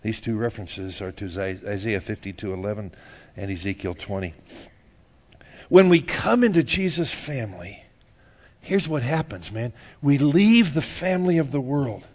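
A man's voice: mid-range voice, animated, normal speed, darkish tone. A middle-aged male pastor giving a casual, joking sermon, laughing often and tagging "man" onto his sentences.

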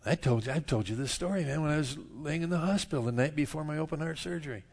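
A middle-aged man preaching a sermon, telling stories and swinging from quiet asides to loud outbursts. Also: a little high, fast talker, creaky. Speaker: pastor. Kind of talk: sermon with storytelling.

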